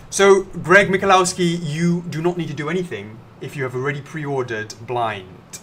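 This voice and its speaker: A man's voice: fairly high pitch, animated, normal speed, a bit bright, slight background noise. A man co-hosting a live stream, casually chatting and answering viewer comments aloud. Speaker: livestream co-host.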